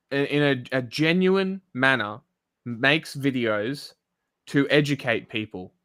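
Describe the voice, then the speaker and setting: Reacting to a video on stream, an Australian man rants bluntly and swears heavily, clearly exasperated. He has a mid-range, fairly bright voice, recorded dry at studio quality.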